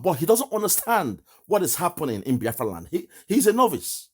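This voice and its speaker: A man holding forth in live commentary, his fairly high voice swinging up and down with emphasis. He mocks his target and pushes every point hard. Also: sing-song, a little fast, few pauses, husky. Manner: emphatic, mocking, laughs at his opponent. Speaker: online political commentator.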